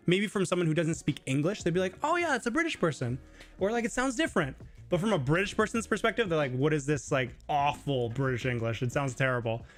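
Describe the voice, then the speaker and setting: A man hosting a casual live Q&A stream, talking loosely with lots of fillers and sometimes mimicking other people in a high voice. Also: fairly bright tone. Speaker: livestream host.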